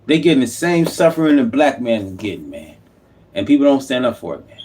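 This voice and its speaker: Male YouTube commentator, passionate sermon-like rant, average pitch. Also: expressive, fairly quick, darkish tone, a little hiss or hum. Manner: impassioned, repetitive, preachy. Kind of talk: unscripted political monologue.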